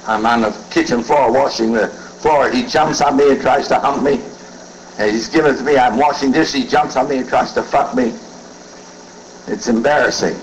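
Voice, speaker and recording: A man's voice: mid-range voice, moderate pace, a little hiss or hum, lightly acted, poor audio. A man voicing a middle-aged woman who complains in exasperation about her dog, in a joke told on stage. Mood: exasperated.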